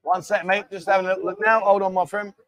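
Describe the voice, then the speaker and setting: A man with a fairly high voice hosts a casual live stream, chatting loosely and reading out viewer messages. He calls everyone mate and keeps the talk informal. The sound is dry and close. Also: little pitch movement, brisk, fairly bright tone, no room sound.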